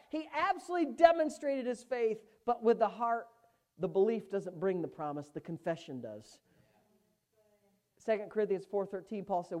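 A woman preaching a sermon, emphatic, swinging from hushed asides to loud, fervent exclamations. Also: medium pitch, lively intonation, moderate pace.

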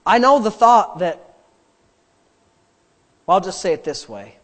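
A middle-aged male pastor delivers a sermon in a high voice. He drives his points home with repeated phrases and shifts between loud emphasis and soft prayer. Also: sing-song, a little slow. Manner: emphatic preaching with repetition, dropping to quiet prayer.

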